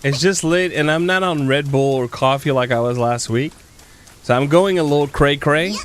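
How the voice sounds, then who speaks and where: A man's voice: a little high, normal speed, slight background noise. A man from French Canada casually chatting while streaming a game, playful and rambling, hopping between put-on accents. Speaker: gaming streamer. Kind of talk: casual gaming stream chat.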